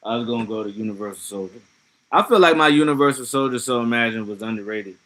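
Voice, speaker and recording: A man's voice: medium pitch, fast talker, sharp tone. A man streaming live, chatting casually and reacting to chat comments in a loose, profane way with laughing asides. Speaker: livestreamer.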